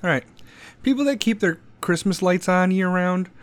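A high-pitched man speaks at normal speed, hosting his own podcast and talking straight into a microphone fitted with a pop filter. His delivery is a casual, profane, rambling and sarcastic rant.

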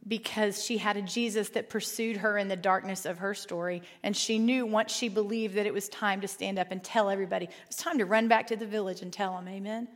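A woman's voice: mid-range voice, steady tone, fairly quick, few pauses. A woman teaching a Bible lesson to a group in a large room, earnest and playful, with asides to her listeners and a storybook reading. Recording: long hall reverb.

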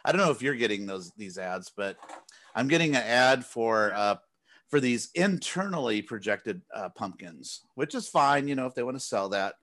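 A man in casual podcast chat, letting off steam in a long profane rant. His pitch sits in an ordinary middle range, and he slips into quick voices for the people he complains about. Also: expressive, a bit bright. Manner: profane ranting, mimics others in quotes. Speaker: podcast co-host.

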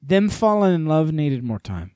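A man co-hosting a casual podcast chat, excitable and profane, rambling through his points. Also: on the high side, normal speed, no room sound, clean studio sound. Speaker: podcast co-host.

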